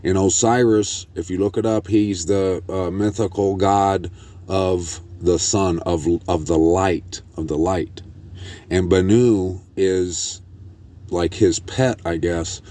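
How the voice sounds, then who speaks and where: A man hosting a religious commentary video, reading news articles aloud with frequent restarts and halting phrasing. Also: low voice, fairly even intonation, mellow. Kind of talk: casual scripture commentary.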